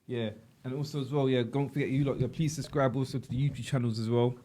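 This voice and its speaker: A man hosting a relaxed chat show while tipsy. His delivery is loose and playful, full of slang, with a mid-range voice. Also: medium pitch, quick pace, a little hiss or hum. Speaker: host.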